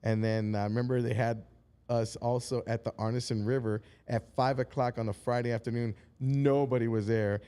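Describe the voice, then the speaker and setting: A man's voice: medium pitch, steady tone, moderate pace, mellow, smooth. A middle-aged man from San Antonio, a comedian guest on a talk show, telling stories in a laid-back way and acting out the voices of the people in them. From San Antonio, Texas. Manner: laid-back storyteller who acts out voices in anecdotes. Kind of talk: casual chat, storytelling.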